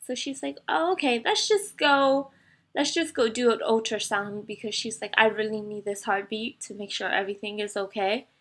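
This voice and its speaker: A young woman vlogger telling her personal story to the camera. She is tearful and close to crying, and she talks haltingly with many fillers. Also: a little high, fairly bright tone.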